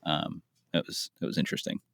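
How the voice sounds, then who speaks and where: A man's voice: quick pace, fairly bright tone, dry recording, clean studio sound. A man co-hosting a podcast, talking casually in a rambling, hedging way. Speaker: podcast co-host. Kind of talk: casual chat.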